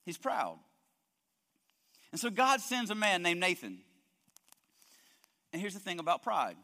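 A man's voice: high-pitched, huge pitch swings, measured pace, pushed and bright. A male pastor preaching a sermon with emphasis, often repeating words as he builds his points. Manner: emphatic preaching with frequent word repetitions. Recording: long hall reverb.

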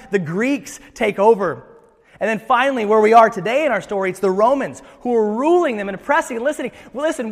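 A man preaching a sermon in an animated, conversational way with casual asides. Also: very high-pitched, long reverb tail. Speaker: pastor.

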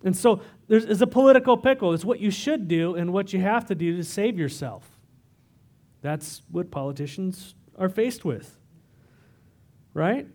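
A man's voice: sits high, expressive, unhurried, long pauses, dark tone. A man preaching through a Bible passage in a conversational way, explaining the text with asides and filler words. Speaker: pastor. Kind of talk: expository sermon.

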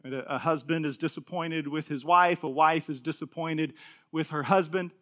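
Bright, high-voiced male pastor preaching. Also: moderate pace. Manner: animated, acts out quoted voices. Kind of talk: sermon.

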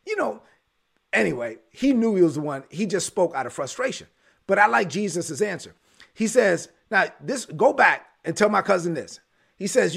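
Gravelly high-voiced male preacher. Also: very animated, moderate pace. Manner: emphatic preaching with repeated phrases. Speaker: pastor. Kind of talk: sermon.

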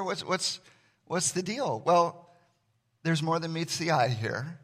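A man's voice: fairly high pitch, slow. Conversational male pastor preaching. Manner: conversational, animated, acts out quoted voices. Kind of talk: sermon.

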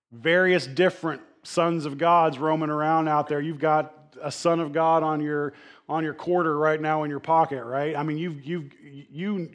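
Man, middle-aged, pastor, casual sermon, slightly high voice, halting and conversational. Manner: conversational, many fillers and restarts.

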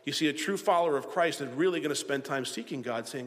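A man's voice: medium pitch, fast. A man preaching a sermon as pastor, earnest and plain-spoken, often repeating his phrases and acting out quoted voices. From South Florida. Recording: hall reverb.

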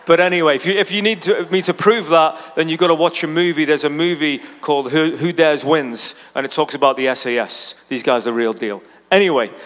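Here the preacher's voice sits fairly high with a fairly bright tone. He tells his sermon story in a relaxed, talkative way, with frequent remarks to the congregation, and the big church auditorium adds a long reverb.

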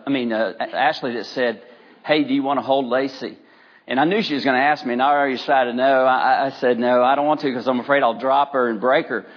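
A middle-aged man preaching a sermon as pastor, talking in a relaxed, anecdotal way with many fillers. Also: mid-range voice, highs cut off. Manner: conversational, anecdotal, with frequent fillers.

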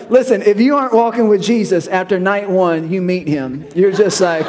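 Folksy preacher, slightly high voice. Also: male voice, lively intonation, normal speed, hardly any pauses, a little mellow, big-room sound. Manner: folksy and conversational, with storytelling and restarts. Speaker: pastor. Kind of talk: sermon.

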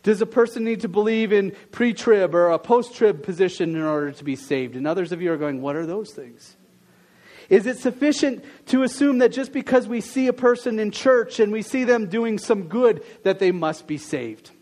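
This sermon comes from a pastor whose voice is high and whose pace is normal. After a quietly delivered opening prayer, he earnestly quizzes the congregation with one question after another.

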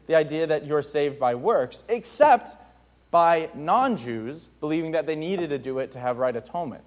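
A man with a slightly raised pitch leads a Bible study in a loose, conversational way. He leans hard on his key points and often stumbles into restarts and little fillers as he talks. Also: darkish tone. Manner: informal, many fillers and restarts. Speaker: Bible teacher.

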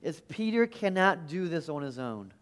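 A man preaching a sermon as pastor, earnest and animated, often restarting his phrases. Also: a little high, normal speed.

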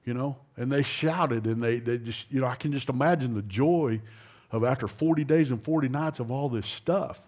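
A man's voice: mid-range voice, moderate pace, darkish tone. A middle-aged man preaching an informal, folksy sermon, rambling with restarts and asides.

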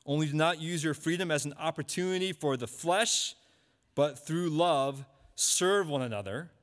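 Man preaching in a reverberant hall. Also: on the high side. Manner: rhetorical questions, repeats key points slowly. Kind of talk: sermon.

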